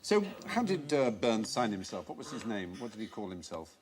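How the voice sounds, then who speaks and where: A male comedy quiz host with a very animated, bouncing voice. He quizzes the panel teasingly and then lays out the facts. A faint audience murmur sits in the background. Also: lowish voice, a little fast, crowd noise. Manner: teasing, explanatory, quiz-style questioning. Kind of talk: quizmaster banter.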